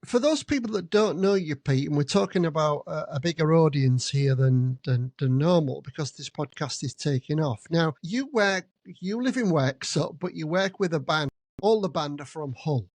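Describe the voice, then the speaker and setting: A man hosting a podcast, asking interview questions in a halting way that repeats words. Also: a little high, expressive, darkish tone, no room sound. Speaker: podcast host.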